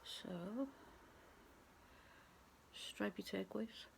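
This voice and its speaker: A woman's voice: medium pitch, extremely slow, gravelly, slight background noise. A woman doing a casual tarot reading to camera, chatty and rambling. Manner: chatty and rambling, laughs at herself. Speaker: tarot reader.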